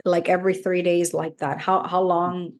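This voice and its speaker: A woman's voice: on the low side, flat delivery, moderate pace. A woman hosting a podcast, asking her guest follow-up questions. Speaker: podcast host. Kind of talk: interview questions.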